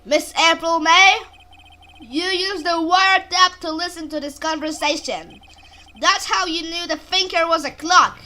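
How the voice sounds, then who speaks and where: A woman's voice: extremely high pitch, steady tone, a little slow, sharp tone, full character voice. A woman voicing a determined young male defense lawyer who asks pointed, accusing questions. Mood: pressing.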